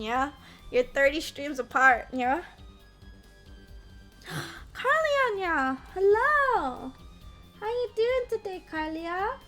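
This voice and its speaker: A woman in her twenties talks casually to her stream chat in a high, bright, sharp-edged voice. She fills her speech with "like" and a questioning "yeah?". Soft music plays quietly underneath. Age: 20s. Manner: chatty, peppers speech with "like" and "yeah?".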